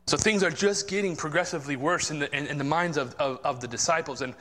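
A man's voice: on the high side, fast talker, few pauses, bright, forceful tone. A man preaching a sermon in a conversational, informal way, reading from the Bible. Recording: long hall reverb.

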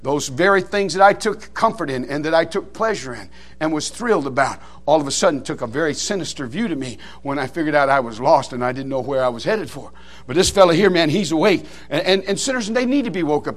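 A middle-aged man preaching a Baptist sermon in a folksy, animated way, repeating phrases and restarting his words. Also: fairly high pitch, quick pace.

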